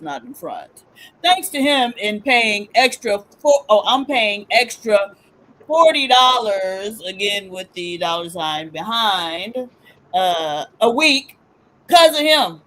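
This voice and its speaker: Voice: medium pitch, sharp tone, low-quality recording. A co-host on a casual live stream, teasing in a sassy way. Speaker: show co-host.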